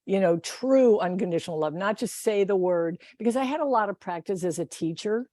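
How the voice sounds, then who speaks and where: A woman's voice: mid-range voice, lively intonation, a little fast, dark tone, no echo, studio quality. A woman speaking as a guest on a podcast, rambling and correcting herself often, with frequent laughter. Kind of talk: casual conversational interview.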